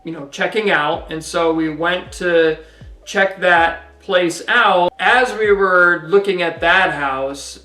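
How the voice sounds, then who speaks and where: A man's voice: on the high side, distant mic. Man telling a story, roomy room. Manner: relaxed storytelling, many "you know" fillers. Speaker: co-host, husband. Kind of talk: casual podcast-style testimony. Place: home.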